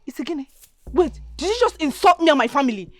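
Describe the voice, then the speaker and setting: A woman's voice: high voice, big pitch swings, quick pace, background noise. A Nigerian woman acting in a village film drama, quarreling with insults and slipping into Igbo. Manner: shouting insults, mixing in Igbo phrases.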